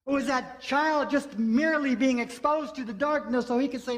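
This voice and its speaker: A man's voice: very high-pitched, moderate pace, hardly any pauses. A man preaching a sermon as pastor, telling a story and repeating phrases for emphasis. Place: church sanctuary. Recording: long hall reverb.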